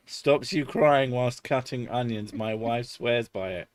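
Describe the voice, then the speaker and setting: A man's voice: medium pitch, a little slow, few pauses, a little hiss or hum. A man chatting casually on a live stream, swearing freely and laughing often.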